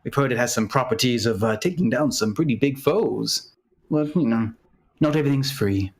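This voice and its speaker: A man's voice: mid-range voice, normal speed, close to an everyday voice. A man voicing a boastful, charming adventurer in a tabletop role-playing game. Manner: boastful, bubbly.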